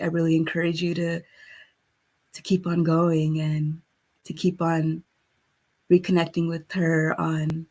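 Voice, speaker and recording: A woman gives a reflective talk in a slow, unhurried way, pausing often on fillers. Her voice sits low and stays flat, with little rise or fall. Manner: soft-spoken, hesitant with many fillers. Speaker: guest speaker.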